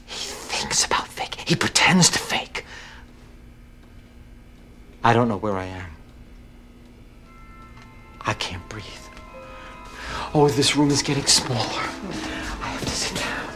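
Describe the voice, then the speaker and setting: A man plays a rattled middle-aged football coach. He talks himself in circles and drops into breathy whispers. Soft music hums underneath. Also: mid-range voice, a little slow, long pauses, close to an everyday voice. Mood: panicky.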